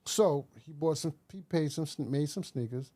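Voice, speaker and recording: A man's voice: a little high, normal speed, warm tone. A man co-hosting a podcast in casual chat, emphatic, repeating phrases for effect. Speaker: podcast co-host.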